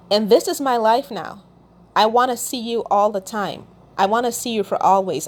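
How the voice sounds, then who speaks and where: A woman hosting a casual Christian video, reading out song lyrics and explaining them, checking in often with "okay?". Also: medium pitch. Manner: warm, checks in with "okay?", reads lyrics aloud.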